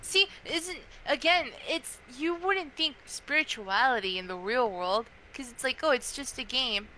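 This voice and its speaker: A young adult woman chatting casually on a podcast, telling a story in a chatty, animated way with many fillers. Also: high-pitched, a little slow, slight background noise, low-quality recording.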